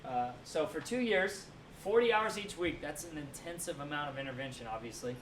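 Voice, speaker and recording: A man with a fairly high voice lectures to a classroom and keeps asking "right?" to check that his listeners follow. He sounds far from the mic in an echoey room, with faint noise underneath. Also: animated, fairly quick, fairly bright tone. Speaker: teacher.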